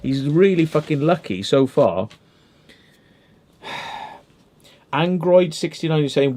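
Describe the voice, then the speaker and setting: A man's voice: fairly high pitch, lively intonation, unhurried, pauses often, dark tone. Blunt, swearing man ranting. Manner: blunt, heavy swearing, emphatic. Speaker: channel host. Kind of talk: casual ranting commentary.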